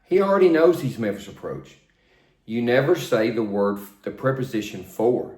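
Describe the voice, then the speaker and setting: An older man working as a flight instructor, coaching in a plain, steady, repetitive way. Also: medium pitch, normal speed. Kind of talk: spoken instruction, demonstrating radio calls. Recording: roomy echo.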